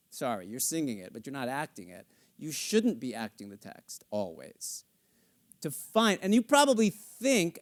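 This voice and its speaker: Man, middle-aged, masterclass coaching, animated, dramatizing, swearing, high-ish pitch. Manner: animated, acts out lyrics and inner thoughts, swearing, playful. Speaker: composer coaching a singer. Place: theater stage with studio audience.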